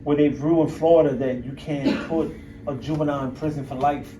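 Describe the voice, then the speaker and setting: A man's voice: medium pitch, steady tone, fairly quick, warm tone. A middle-aged man giving a candid, blunt talk to an audience as a guest speaker, streetwise and emphatic, with coarse language. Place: university lecture room. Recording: voice picked up from a distance.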